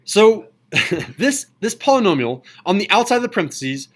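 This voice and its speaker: A man teaching a high school calculus class, lively and enthusiastic, often checking in with students. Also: moderate pace. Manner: enthusiastic, asks students questions. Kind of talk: classroom lecture.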